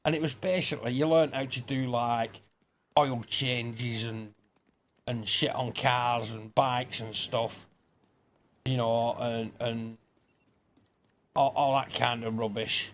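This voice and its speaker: A man's voice: medium pitch, fairly even intonation, slow pace, pauses often, fairly bright tone, slight background noise. Swearing man telling stories. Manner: swearing, rambling anecdotes with quoted exchanges. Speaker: gaming streamer. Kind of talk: casual storytelling over gameplay.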